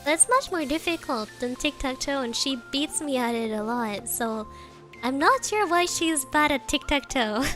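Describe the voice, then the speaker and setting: Young woman w streaming, high bright voice, chatty with lots of likes and ums. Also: moderate pace, faint music behind. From Germany. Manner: animated, many fillers, sprinkles Japanese words. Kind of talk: casual livestream storytelling.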